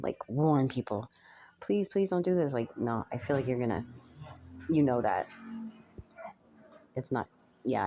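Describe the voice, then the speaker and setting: A woman's voice: extremely low pitch, warm tone, slight background noise. A young woman channeling messages for her viewers in a spiritual reading, musing aloud with frequent ums and hesitations.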